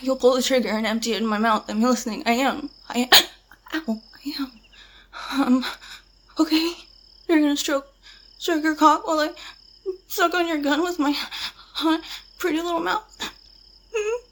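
Woman doing a scared young woman begging at gunpoint, high voice, stammery, whispery then teary. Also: normal speed, long pauses, natural voice. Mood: pleading, tearful.

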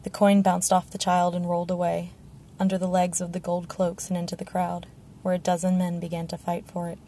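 A woman's voice: lowish voice, completely flat delivery, a little fast, warm tone, slight background noise. A woman narrating a fantasy novel as an audiobook, telling the story steadily and evenly. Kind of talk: scripted narration.

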